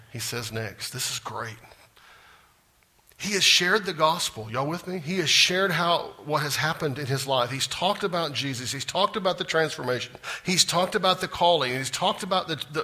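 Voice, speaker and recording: A man's voice: fairly high pitch, lively intonation, moderate pace, sharp tone, breathy edge. A man preaching a sermon. He keeps quizzing the congregation as he goes. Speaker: pastor.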